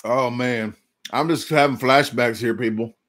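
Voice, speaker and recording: Bright-voiced rambling Southern man. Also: mid-range voice, fairly even intonation, a little slow. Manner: rambling, jokey storytelling. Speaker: livestream host. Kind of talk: casual live chat.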